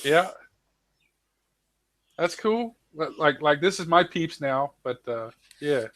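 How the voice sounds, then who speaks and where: A man's voice: fairly high pitch, lively intonation, slow pace, fairly bright tone. Laid-back man. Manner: laid-back, says "man" and "dude" a lot. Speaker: panelist. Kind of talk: casual chat.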